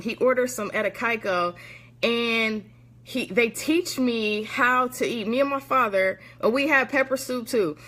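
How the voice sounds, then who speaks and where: A woman's voice: a little high, a bit bright. Woman, storytelling monologue, casual slang, talks straight to the audience. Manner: chatty, casual slang, lots of asides to the audience.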